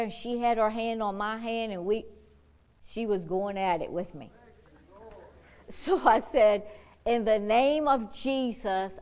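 A woman preaching a sermon, telling a story with lively quoted voices and exclamations. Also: medium pitch.

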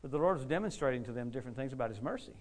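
A middle-aged man preaching a sermon, telling stories quickly and animatedly, acting out quotes and laughing along. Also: mid-range voice, lively intonation, darkish tone. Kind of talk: storytelling sermon.

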